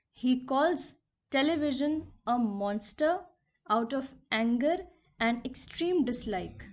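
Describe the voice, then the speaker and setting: A woman explains a poem line by line, speaking very slowly and deliberately in a somewhat high voice. She repeats and rephrases each idea the way a patient teacher does. The recording is dull and a little lo-fi. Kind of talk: poetry lesson explanation.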